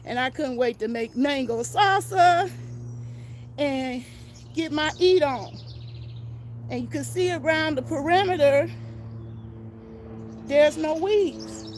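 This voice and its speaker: A woman's voice: high voice, slow pace, long pauses, a little mellow, slight background noise. An older woman, out of breath, chatting folksily as she walks viewers through her backyard garden outdoors on a phone. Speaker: gardening vlogger. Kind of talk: casual walking garden tour.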